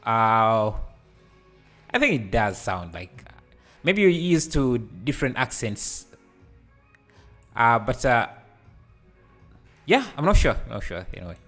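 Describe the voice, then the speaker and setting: A man hosting a live software tutorial, hesitant and full of fillers, laughing easily as he reads the chat. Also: mid-range voice, big pitch swings, slow, long pauses, soft background music. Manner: hesitant, many fillers and restarts. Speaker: livestreaming 3D tutor. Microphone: headset.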